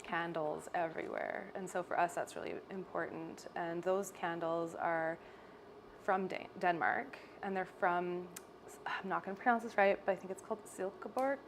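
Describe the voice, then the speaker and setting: A young woman with a Canadian accent, a salon owner chatting in an interview, bubbly and animated, often laughing as she tells stories. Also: lowish voice, normal speed, a little hiss or hum. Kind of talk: casual interview chat. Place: hair salon.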